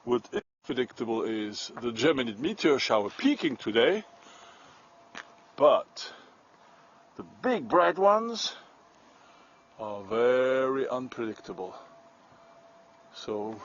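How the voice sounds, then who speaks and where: A man's voice: medium pitch, expressive, slow, long pauses, highs cut off, a little hiss or hum. A man hosting a casual night-time livestream outdoors, chatting and joking as he walks. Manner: chatty, joking, talks to his dog. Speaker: live-stream host. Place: outdoors at night on a country road.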